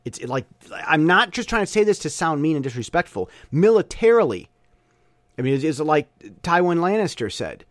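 A man's voice: fairly high pitch, very animated, moderate pace, no room sound, clean studio sound. A young man giving an opinionated casual monologue, often stumbling and restarting his sentences.

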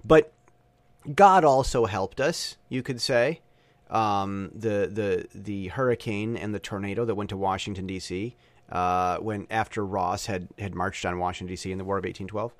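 A man's voice: fairly low pitch, moderate pace, no echo. A man talking alone in a rambling casual monologue, full of restarts and stammers.

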